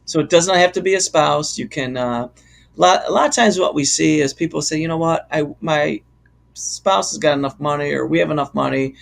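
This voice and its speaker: Male advisor voice with some fry, pitched a bit high, explaining patiently. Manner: measured, hesitant, with fillers. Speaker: insurance expert co-host. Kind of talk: explanatory casual chat.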